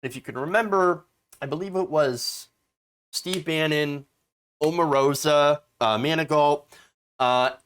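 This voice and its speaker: A man hosting a casual political commentary video, talking in a sarcastic, animated way with lots of fillers. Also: fairly high pitch.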